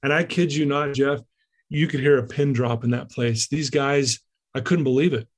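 A man telling a personal story in a conversation, lively and acting out the lines of people he quotes. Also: medium pitch, normal speed. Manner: animated, acts out quoted lines. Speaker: guest speaker.

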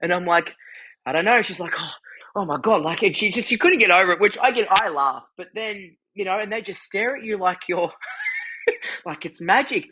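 Man, slightly higher voice, animated storytelling, casual podcast chat, laughs a lot. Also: moderate pace, husky. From European family background. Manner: animated storyteller acting out quotes, laughs often. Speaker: podcast co-host. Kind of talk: casual conversation.

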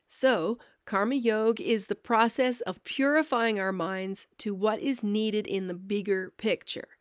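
A woman, a longtime student, calmly reading a scripted introduction for a spiritual podcast. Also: medium pitch, unhurried, hardly any pauses, no echo, clean studio sound. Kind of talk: scripted narration.

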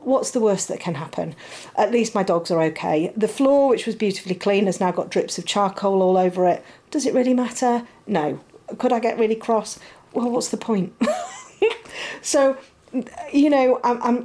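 A woman's voice: medium pitch, warm tone. Chatty woman, laughing often. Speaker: podcast host. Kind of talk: casual chat. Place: home, puppy nearby.

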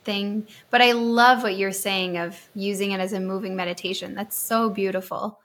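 Woman podcast host; casual, encouraging, quick to affirm the guest. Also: mid-range voice, fairly even intonation. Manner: warm and encouraging, enthusiastic affirmations. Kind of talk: casual interview chat.

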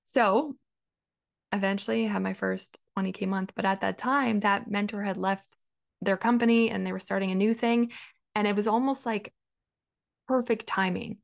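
A woman's voice: medium pitch, steady tone, moderate pace, vocal fry. A woman hosting a podcast, sharing her story in an earnest, emotional way, often saying "like" and repeating words. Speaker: business coach and podcast host. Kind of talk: personal storytelling monologue.

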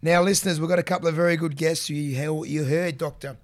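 A man's voice: fairly high pitch, fairly even intonation, fast, dry recording. Chatty Australian man hosting a podcast. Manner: chatty and teasing. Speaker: podcast co-host. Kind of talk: casual chat.

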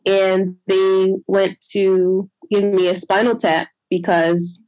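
A woman's voice: mid-range voice, little pitch movement, slow, a little mellow, dry recording, low-quality recording. A young adult woman telling her own birth story in a conversation, emotional and retelling what others said. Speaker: guest sharing a birth story.

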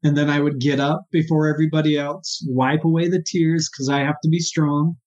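A man, a therapist, telling his personal story as an interview guest in an earnest, halting, emotional way. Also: on the high side, flat delivery, a little mellow. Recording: dull lo-fi sound.

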